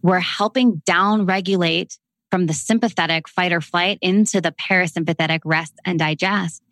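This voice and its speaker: A woman in her thirties with a Canadian accent, chatting casually and then slowly guiding a breathing exercise in a soothing voice. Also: lowish voice, fairly even intonation, a bit bright, dry recording. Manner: slow, soothing guidance with long pauses. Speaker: breathwork guest. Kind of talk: casual chat and guided breathwork.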